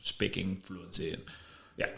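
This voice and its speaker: This podcast host explains ideas conversationally, often starting over and saying words twice. He has a deep, gravelly voice that's a bit bright, keeping a level tone and a measured pace, heard with roomy echo.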